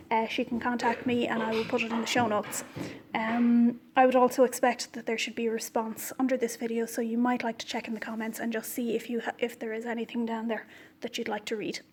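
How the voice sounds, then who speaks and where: A woman hosting a knitting podcast, talking in an indignant, emphatic way with frequent "um"s. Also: fairly high pitch. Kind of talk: casual vlog monologue.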